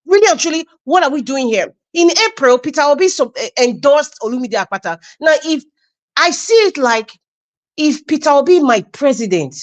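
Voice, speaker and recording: A woman with a high-pitched, animated voice speaks at normal speed as a panelist in a heated political discussion on a live online stream. She's passionate and emphatic, often repeating herself.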